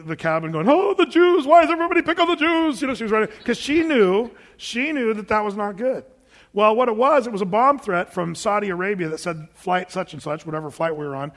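A man preaches a storytelling sermon to a live congregation in a high, slightly bright voice, recounting something personal with chatty, self-amused humor and frequent laughter. A big hall's long reverb hangs on every word.

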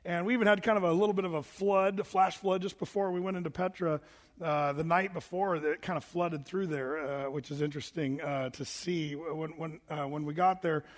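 High-voiced pastor in a reverberant hall. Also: male voice, fairly even intonation, brisk. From United States. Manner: chatty, rambling with many fillers and restarts. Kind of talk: sermon.

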